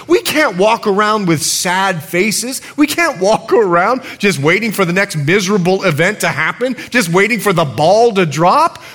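A middle-aged man from the United States, a pastor preaching a sermon in a lively, humorous way. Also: sits high.

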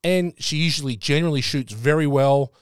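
A man's voice: on the high side, fairly quick, smooth, no room sound, clean studio sound. A middle-aged Australian man co-hosting a podcast, telling a story in a casual chat and getting worked up as he goes. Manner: animated storytelling, voice jumps up when worked up. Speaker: podcast co-host.

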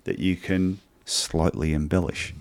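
Australian man telling lively anecdotes. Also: low voice. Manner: animated anecdotes, acts out dialogue. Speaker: podcast co-host. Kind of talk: casual podcast chat, storytelling.

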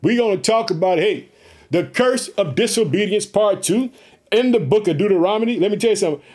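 High-voiced excited male preacher. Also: a little fast. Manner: excited, repeats catchphrases and calls out to listeners. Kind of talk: energetic sermon.

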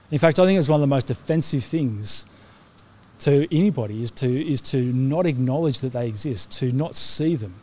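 Earnest man preaching, a touch high. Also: dark tone. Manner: earnest, frequent restarts and fillers. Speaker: pastor. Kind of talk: sermon.

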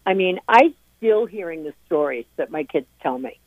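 Her voice sits low with lively intonation as this middle-aged parent, guesting in an interview about her child's recovery from addiction, talks at a moderate pace. She's earnest and emphatic, with frequent restarts, and the phone line is tinny and dry.

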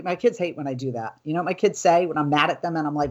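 Breathy, animated woman hosting a news podcast. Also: low voice, fast talker, lo-fi sound. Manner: animated, indignant, talking off script. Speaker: host.

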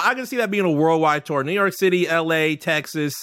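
A man co-hosting a podcast in casual chat, animated and joking, laughing often. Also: high voice, a little fast, dry recording, clean studio sound. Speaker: podcast co-host.

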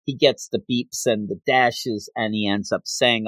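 A man's voice: lowish voice, a little slow, no echo. Chatty man retelling a comic. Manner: chatty, animated, acts out scenes. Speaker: comic book reviewer. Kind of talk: casual retelling.

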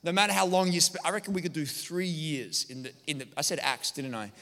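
Lively pastor, high bright voice. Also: male voice, quick pace, in a large hall. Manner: energetic, joking, animated storytelling. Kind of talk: sermon. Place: large church hall.

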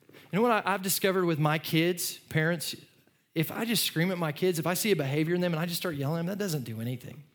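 A middle-aged male pastor preaching a sermon in a conversational way, repeating words and swinging from loud to soft. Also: on the high side.

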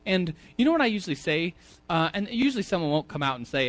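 A man's voice: a little high, very animated, fast talker, fairly bright tone. A man teaching a Sunday school class in a church, talking casually, often repeating words and asking the audience questions. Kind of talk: casual sermon.

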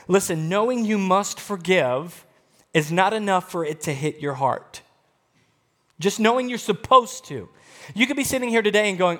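A male pastor preaching a sermon, expressive and swinging between loud and hushed. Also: high-pitched, moderate pace.

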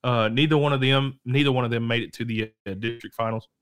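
A man hosting a local high school sports show, talking casually and rambling, correcting himself and coughing now and then. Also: fairly even intonation, fast talker, a bit bright, clean tone. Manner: rambling, self-correcting, chatty. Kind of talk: casual sports talk to camera.

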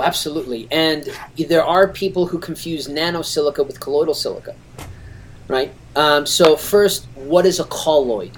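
Expert woman guest with a lower pitch, walks through the science with energy and plain examples. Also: a little hiss or hum. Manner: animated, explanatory, uses everyday analogies. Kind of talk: technical explanation in conversation.

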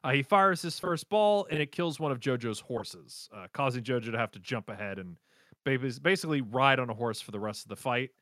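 A man co-hosting a casual podcast, animatedly retelling an anime plot with quick voice impressions and laughter. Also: medium pitch, animated, a bit bright, dry recording, clean studio sound. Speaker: podcast co-host recapping an anime. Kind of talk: casual chat.

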